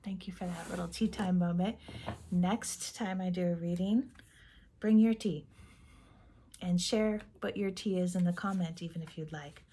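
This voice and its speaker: A woman giving a gentle, meandering tarot reading in a soft-spoken voice that drifts into half-whispers. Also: on the low side, fairly even intonation, moderate pace, a little hiss or hum. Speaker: tarot reader.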